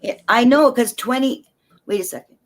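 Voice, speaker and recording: A woman's voice: fairly high pitch, moderate pace. A woman in her fifties in casual chat, joking and easily flustered, stumbling over restarts. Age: 50s. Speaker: friend in a group chat.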